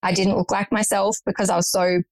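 Earnest young woman guest, reflective storyteller, mid-pitched, dry close sound. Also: flat delivery, brisk, dry recording, low-quality recording. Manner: earnest, reflective, matter-of-fact. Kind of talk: personal story in conversation.

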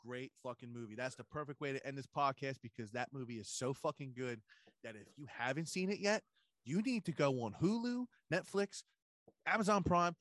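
A man's voice: mid-range voice, a bit bright, dry recording, clean studio sound. A man co-hosting a podcast in casual, profane banter, emphatic and enthusiastic about what he loves. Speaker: podcast co-host.

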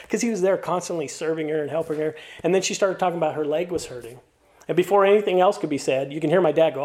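High-voiced pastor giving a lively sermon. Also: male voice, fast. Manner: storytelling with playful asides; earnest, encouraging exhortation.

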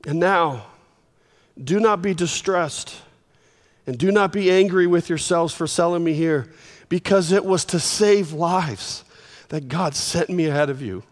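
A man preaching a sermon, telling the story in an animated way, with sudden swings in volume. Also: fairly high pitch, measured pace. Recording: long reverb of a large hall.

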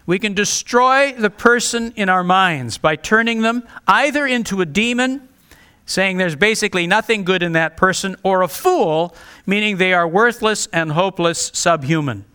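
Male pastor, sermon delivery, earnest and direct, bright forceful tone. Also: sits high, normal speed, smooth. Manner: earnest and direct, pleading with listeners.

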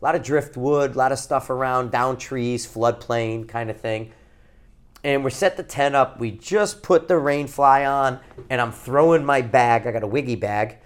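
A man's voice: mid-range voice, normal speed. A man from Connecticut, a podcast co-host, telling a long outdoor story in a casual, rambling way with plenty of swearing. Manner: rambling, profane, animated anecdote-telling.

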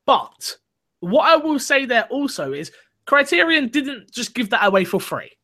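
A man's voice: very high voice, sing-song, normal speed, pushed and bright. A young man hosting a gaming podcast, chatty and rambling in a casual way. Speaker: podcast host.

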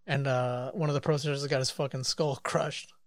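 A man co-hosting a podcast, bantering over news clips with constant swearing and excitable outbursts. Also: mid-range voice, normal speed, dry recording. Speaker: podcast co-host.

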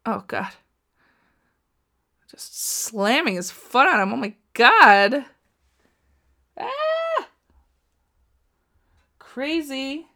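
A fairly high-pitched woman streams a wrestling watch-along, giving casual live reactions to the match. She's excitable, gasping and crying out at the action, and chats directly with her viewers.

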